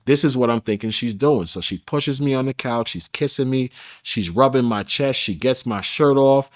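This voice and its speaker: A man's voice: mid-range voice, normal speed. A man being interviewed, telling a personal story in a casual, emphatic way with plenty of slang. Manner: emphatic, slangy, addresses listener as bro. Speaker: interview guest.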